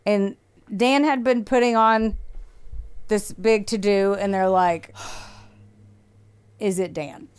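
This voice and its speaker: A woman with a clear, resonant, medium-pitched voice speaks slowly with fairly even intonation and frequent pauses. She's a podcast host telling a true-crime story in a chatty, casual way, swearing freely, acting out what people said, and laughing often.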